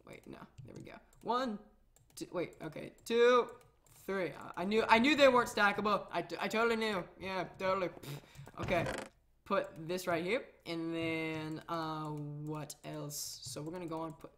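A woman's voice: on the low side, normal speed, a bit bright. Chatty woman rambling over her gameplay. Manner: chatty, rambling, self-mocking. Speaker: Minecraft let's-play host. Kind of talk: casual gameplay commentary.

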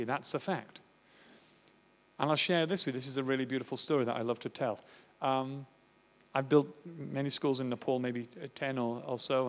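A man from Australia gives an animated conference talk on teaching, often slipping into little classroom scenes. His voice sits at a medium pitch. It rings out through a long hall reverb from a stage mic. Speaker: education speaker.

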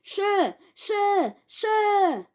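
A woman voicing an excitable tattletale schoolboy who shouts and whines. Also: high-pitched, takes it slowly. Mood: shouting. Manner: shouty and whiny.

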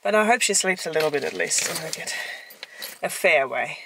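A woman's voice: sits low, animated, a little fast, heavy background noise. A young woman chatting casually to camera as a travel vlogger, upbeat and laughing often, sometimes talking to her toddler, recorded outdoors on a handheld camera. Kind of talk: casual travel vlog chat. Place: outdoors at a beach and a busy reptile park.

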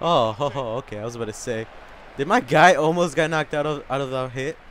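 A young man commentating his own soccer video game live, excitable and swearing, whooping and yelling at big plays. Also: medium pitch, fairly quick, a little hiss or hum. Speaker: gamer.

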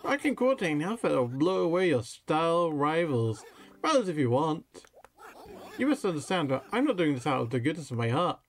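Sassy female giraffe fashionista, game figure; a man reads her lines, lively pitch, slightly high. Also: a little fast. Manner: reading game text aloud with flair.

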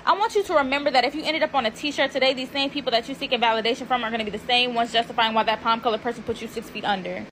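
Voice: mid-range voice, racing, hardly any pauses, fairly bright tone, slight background noise. A woman in a heated, profane social media callout rant.

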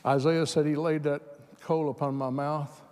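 A man preaching a sermon, moving from plain talk to loud, fervent exhortation. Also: flat delivery, moderate pace, clear, resonant tone. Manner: builds from plain talk to shouted, high-pitched fervor. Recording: hall reverb.

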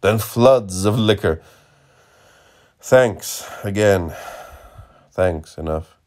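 A man's voice: fairly low pitch, extremely slow, a little mellow. A man doing a blustering, leering old wanderer. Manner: blustering and declamatory.

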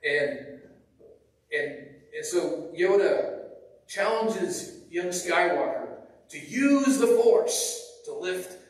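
Higher-voiced preacher, echoey and distant. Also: male voice, very animated, drawn-out words. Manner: conversational, with restarts and repeated words. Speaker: pastor. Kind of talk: sermon. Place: church sanctuary. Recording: echoey church from far off.

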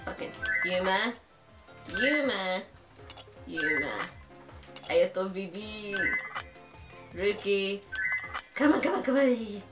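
A young woman hosting a casual let's-play, fangirling over the characters with excitable, crude, profane commentary. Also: mid-range voice, slow pace, pauses often. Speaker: gaming channel host. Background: game music.

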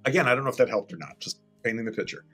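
A man's voice: mid-range voice, lively intonation, racing, a bit bright, soft background music. A middle-aged man, a guest animator and director, telling an anecdote casually and animatedly, acting out scenes and swearing freely.

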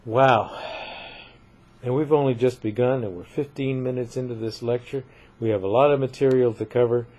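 Slow, methodical older male lecturer. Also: mid-range voice, warm tone. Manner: methodical, often checking with "right?". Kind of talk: recorded poetry lecture.

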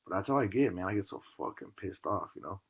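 Very deep gravelly mumbling man. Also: expressive, fast, highs cut off. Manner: mumbling, hesitant, filler-heavy. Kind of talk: calm confessional vlog.

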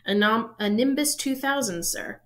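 A woman's voice: a little high, lively intonation, normal speed, a bit bright, voice pushed up. A woman voicing a polite young boy wizard, gleeful and holding back laughter.

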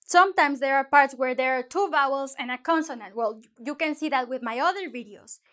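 Teaching online at a brisk pace, a Spanish teacher speaks in a high, bright-pitched voice. Her explanations are playful and lively, shifting easily in and out of English.

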